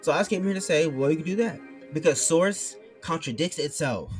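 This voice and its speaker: A man's voice: on the high side, a little fast, faint music behind. A man ranting casually to his viewers, reading chat messages aloud and arguing back, his mic turned backwards. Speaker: streamer.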